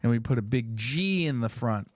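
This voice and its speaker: A man hosting a podcast, telling stories in a relaxed way and laughing often. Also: mid-range voice, moderate pace, dry recording. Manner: laid-back storyteller, laughs often. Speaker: podcast host. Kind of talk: casual chat.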